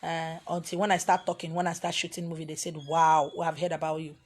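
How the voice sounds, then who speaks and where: A woman with a Nigerian accent telling a story in an animated way, slipping into Igbo and pidgin. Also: sits low, fast. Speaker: spiritual teacher. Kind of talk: storytelling talk.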